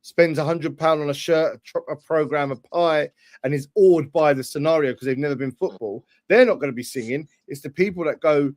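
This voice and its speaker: A man argues football on a lively podcast panel, in a voice pitched a bit above the usual. He keeps pressing his point and restarts his sentences as he talks over the others. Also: a little fast, hardly any pauses. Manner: insistent, argumentative, repeats words while pressing a point. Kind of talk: heated casual debate.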